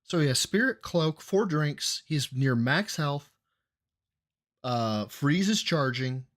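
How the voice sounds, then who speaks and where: A man's voice: fairly high pitch, expressive, slow, a bit bright. A man hosting a casual reaction show, thinking aloud and teasing while watching gameplay. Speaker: host reacting to a stream.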